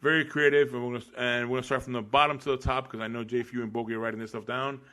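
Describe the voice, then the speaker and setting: A man hosting a relaxed podcast, talking in a loose, rambling way full of fillers and quick restarts. His pitch sits in an ordinary middle range. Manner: laid-back, rambling with fillers and laughs. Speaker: podcast host. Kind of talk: casual podcast chat.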